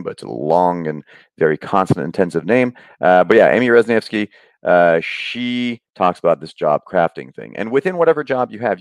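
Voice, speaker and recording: A man's voice: low-pitched, no room sound. A middle-aged man, a guest on a conversation podcast, explaining ideas on happiness through anecdotes and acting out the voices of people in his stories. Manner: animated storyteller, acts out quoted voices.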